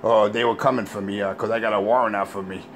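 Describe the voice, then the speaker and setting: A man's voice: fairly low pitch, fairly even intonation, quick pace, a little hiss or hum, natural voice. A man voicing a cowardly, whiny man who stammers and shrieks for help. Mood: whining. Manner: stammering, panicky.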